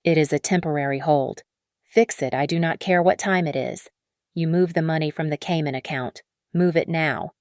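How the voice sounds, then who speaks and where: A woman's voice: sits low, moderate pace, dry recording, clean studio sound, close to an everyday voice. A woman voicing a drunk, furious tycoon husband who snaps and roars. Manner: shouting, snapping, roaring.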